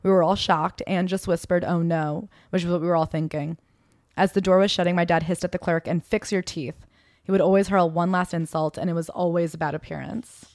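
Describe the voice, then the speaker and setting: A woman co-hosting a podcast, chatting casually about a memoir and reading passages from it aloud in a soft, subdued tone. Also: lowish voice, fairly even intonation, fast talker, no room sound, studio quality. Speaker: podcast co-host.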